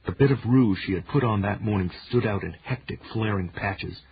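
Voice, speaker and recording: A man reading a novel aloud in an even, measured storytelling manner. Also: fairly low pitch, vocal fry. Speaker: narrator. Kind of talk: audiobook narration. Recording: dull lo-fi recording with faint hiss.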